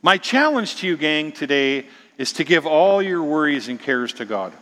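High, bright-voiced preacher in a reverberant hall. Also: male voice, big pitch swings, moderate pace. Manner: dramatic, shifts from whispers to loud exclamations. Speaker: pastor. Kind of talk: sermon.

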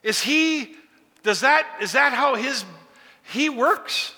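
Bright high-voiced male preacher in a reverberant hall. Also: takes it slowly. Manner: emphatic, repetitive exhortation. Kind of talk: sermon.

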